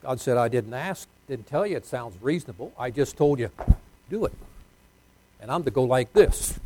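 A pastor preaching a folksy sermon, swinging between loud emphatic lines and hushed ones. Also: male voice, mid-range voice, animated, moderate pace.

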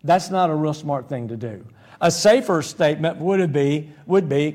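A man's voice: fairly high pitch, normal speed, a little mellow. A man preaching a sermon in a conversational, folksy way, with humorous one-liners and frequent restarts.

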